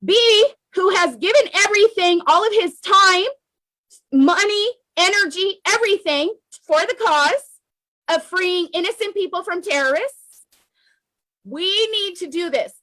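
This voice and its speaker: A woman's voice: extremely high pitch, expressive, measured pace, bright, forceful tone, no room sound, poor audio. An American woman speaking in an emotional, fiery political monologue, hammering her points home by repeating them. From United States. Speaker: political commentator. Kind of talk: impassioned political monologue to camera.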